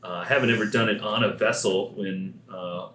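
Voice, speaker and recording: A player at a tabletop game who talks hesitantly and stumbles through lots of fillers. His voice is fairly low and echoes around a roomy space. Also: fairly even intonation, normal speed, fairly bright tone, a little hiss or hum. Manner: hesitant, many uhs and ums.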